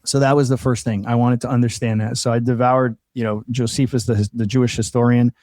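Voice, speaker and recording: Low-toned man telling his story. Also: little pitch movement, a little fast, darkish tone, no echo. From Colombia. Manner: earnest storytelling, quoting others in dialogue. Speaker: podcast guest. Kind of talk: personal testimony in casual conversation.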